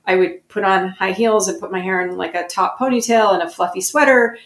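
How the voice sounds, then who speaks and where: A woman's voice: medium pitch, fairly quick, echoey room. A woman being interviewed as a guest actor, telling stories in a reflective, self-correcting way. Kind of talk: interview conversation.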